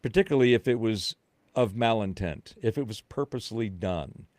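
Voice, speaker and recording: A man's voice: fairly low pitch, lively intonation, normal speed, darkish tone, dry recording. A man, a podcast guest, explaining his views in an emphatic, conspiratorial way. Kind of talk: casual chat.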